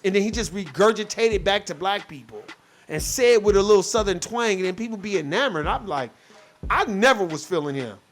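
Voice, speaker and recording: Brief: high-voiced man, heated profane podcast rant, faint music underneath. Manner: profane, heated, mocks others in quoted voices. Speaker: podcast host. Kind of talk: casual ranting commentary.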